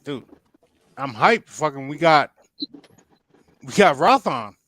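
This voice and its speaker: A man's voice: fairly high pitch, sing-song, slow pace, fairly bright tone, dry recording. A man giving laid-back advice in casual podcast banter. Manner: laid-back, lecturing in fun.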